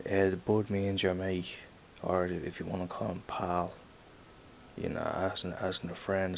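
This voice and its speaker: This vlogger, a man from Ireland with a Dublin accent, speaks at a normal speed in a low-pitched, flat voice. He wanders hesitantly through a casual chat to camera, restarting and using lots of fillers, and the camera mic audio is dull, lo-fi and faintly hissy.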